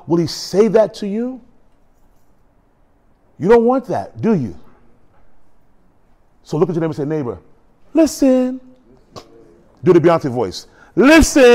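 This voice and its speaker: A pastor preaching a lively sermon, acting out quotes and voices with humor. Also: male voice, a little high.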